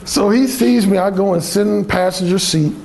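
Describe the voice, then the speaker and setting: A man's voice: high voice, steady tone, fairly quick, vocal fry, darkish tone, slight background noise. A man telling a frank, profane story at a dating seminar, acting out the people in it. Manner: frank, profane, acts out the people in his stories. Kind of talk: storytelling talk.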